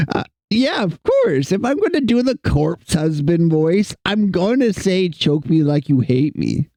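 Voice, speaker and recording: A man's voice: a little high, very animated, slow pace, mellow, dry recording. A young man streaming while he draws, chatting with viewers in a rambling, self-mocking, jokey way. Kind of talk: casual livestream chat while drawing.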